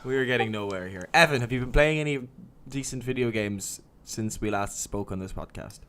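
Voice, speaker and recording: A man's voice: mid-range voice, a little fast, a bit bright. A man hosting a casual group podcast, laid-back and joking, swearing now and then. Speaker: podcast host.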